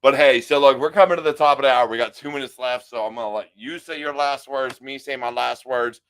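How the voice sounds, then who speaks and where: A man in the host's seat, talking in a relaxed, casual way and launching into storytelling. He swears offhandedly and acts out other people's lines as he goes. His pitch sits in a middle range, neither low nor high. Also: a little fast, smooth. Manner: laid-back, swears casually, tells stories with lively quoted voices. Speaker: podcast host. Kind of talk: casual conversation.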